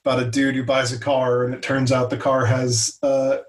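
Chatty podcast host in an echoey room. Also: male voice, medium pitch, flat delivery, moderate pace, recorded from a distance. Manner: rambling, chatty, hesitant with fillers. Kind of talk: casual chat. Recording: echoey room, a bit off-mic.

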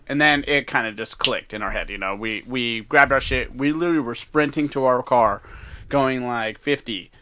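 A young man in casual chat, animated, acting out quotes and swearing freely. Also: mid-range voice, moderate pace, clean tone.

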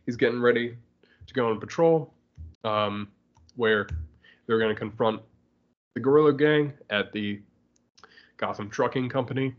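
A podcast co-host casually recaps a comic book, laughing often and acting out lines. His mid-range voice moves a little slowly with long pauses, and the recording's highs are cut off.

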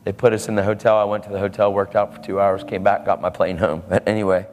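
A man's voice: fairly low pitch, flat delivery, quick pace, darkish tone, long reverb tail. A man preaching a sermon, telling a story and acting out the lines of the people in it.

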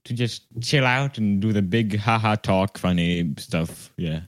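A man's voice: on the low side, a little slow. A young man with a Swedish accent co-hosting a casual podcast, laid-back and giggly. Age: young adult. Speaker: podcast co-host. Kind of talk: casual chat.

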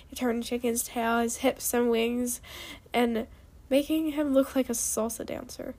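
Female storyteller, fairly high voice, reads with halting restarts. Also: fairly even intonation, darkish tone. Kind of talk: reading a fan story aloud.

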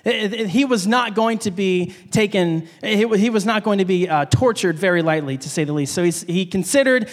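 High-voiced man preaching in a hall. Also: moderate pace. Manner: casual, with frequent fillers and restarts. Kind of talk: sermon.

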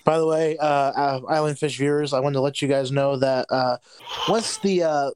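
A man's voice: medium pitch, moderate pace, a little mellow, clean tone. A man co-hosting a casual podcast, talking loosely with lots of likes and fillers. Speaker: podcast co-host. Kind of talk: casual chat.

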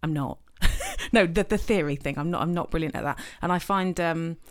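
A middle-aged woman, chatting casually as a podcast co-host, self-deprecating and quick to laugh. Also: deep voice. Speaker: podcast co-host, choir leader. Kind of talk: casual chat.

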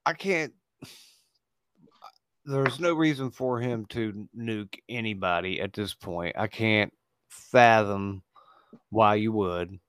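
A man's voice: on the low side, slow pace, pauses often, fairly bright tone, clear, resonant tone, no room sound. A man in casual podcast chat, joking in a laid-back way.

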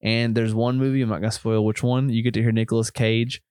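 A man's voice: mid-range voice, little pitch movement, fast, a little mellow, clear, resonant tone, no echo, studio quality. A man with a country Southern US accent co-hosting a film podcast in easy, rambling casual chat. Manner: laid-back, rambling, says bro and man. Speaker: podcast co-host.

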